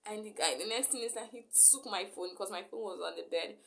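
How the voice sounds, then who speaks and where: A woman's voice: medium pitch, a little fast, vocal fry, fairly bright tone. A young woman, recounting a story in a rambling vlog style full of fillers. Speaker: vlogger.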